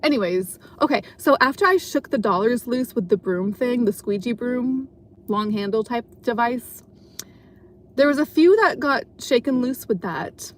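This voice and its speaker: A woman's voice: fairly high pitch, moderate pace, a little hiss or hum. Chatty woman rambling on a night drive. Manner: rambling, lots of fillers and self-corrections. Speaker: live streamer. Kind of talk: casual storytelling chat. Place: car at night while driving.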